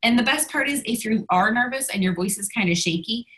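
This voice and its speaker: A woman's voice: on the high side, animated, brisk, a bit bright, poor audio. A woman coaching her sales team in a casual video, a little out of breath and talking with many ums and restarts.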